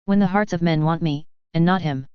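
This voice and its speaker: A woman's voice: lowish voice, fairly quick, clear, resonant tone, dry recording, lo-fi sound, close to an everyday voice. A woman voicing a smug, mocking young nobleman in a fan fiction reading, her tone smirking and taunting.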